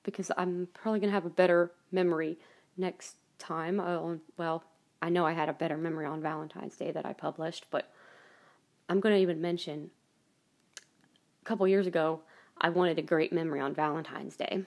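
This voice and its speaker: A woman's voice: on the low side, steady tone, moderate pace, darkish tone. A woman hosting a personal monologue podcast, ranting angrily and swearing heavily, with many restarts and trailing asides. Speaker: podcast host.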